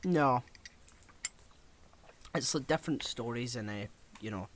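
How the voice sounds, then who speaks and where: A man's voice: medium pitch, measured pace, a little hiss or hum. A man co-hosting a podcast, talking casually and steering the film discussion as he recounts scenes. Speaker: podcast co-host.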